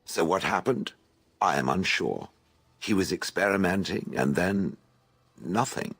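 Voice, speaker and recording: Posh stone golem talkin down to everyone, real deep husky voice, swings up and down a lot. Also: male voice, expressive, measured pace, fairly bright tone, heavily acted. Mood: haughty. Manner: posh, refers to others as "it". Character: haughty male stone golem, aloof and dry. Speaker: game character. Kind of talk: voiced game dialogue.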